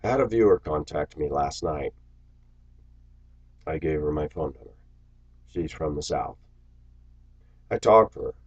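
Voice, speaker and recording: A man's voice: extremely low pitch, expressive, measured pace, long pauses, slightly rough, highs cut off. A man vlogging to his viewers in a bitter, sarcastic, preachy rant. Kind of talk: ranting to camera.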